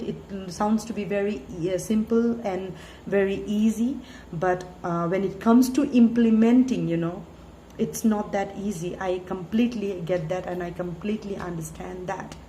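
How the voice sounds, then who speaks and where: A woman talks through a spiritual tarot reading in a mellow, warm voice, earnest and gently pleading. She leans on "you know" as she goes. The recording is roomy and echoey, with a faint ambient hiss behind her. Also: mid-range voice. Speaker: tarot reader.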